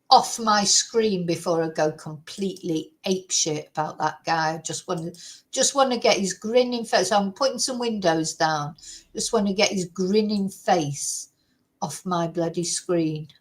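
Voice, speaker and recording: A woman's voice: medium pitch, rough recording. A woman hosting a true crime chat, ranting indignantly and swearing freely as she talks from her computer at home. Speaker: true crime channel host. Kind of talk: casual chat.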